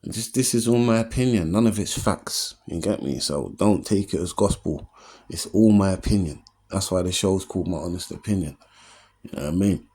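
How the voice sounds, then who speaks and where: A man's voice: low voice, moderate pace, warm tone, slightly rough. A man, hosting his own opinion show as a comedian and giving an earnest, streetwise motivational monologue. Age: 40s. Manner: streetwise, earnest, keeps asking "you know what I mean?".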